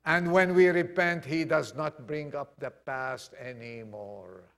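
A male preacher delivers a sermon to his congregation in a high-pitched voice. He acts out quoted dialogue with feeling, rising to loud declarations and dropping to near hushes. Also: slow. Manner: impassioned, dramatic swings from loud to hushed. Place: church congregation.

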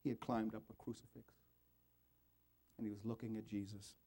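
A man's voice: on the low side, flat delivery, brisk, mellow, slightly rough. A man preaching a sermon and leading an altar call and prayer, in an earnest, pleading way, his voice rising and falling. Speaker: pastor.

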